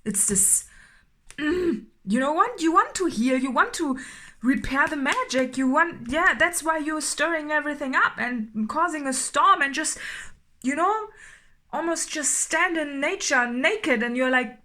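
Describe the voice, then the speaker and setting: A woman doing an unscripted intuitive tarot reading, halting and filler-heavy, often checking in with "right?" and growing more emphatic as she goes. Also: high-pitched, lively intonation, sharp tone. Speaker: tarot reader.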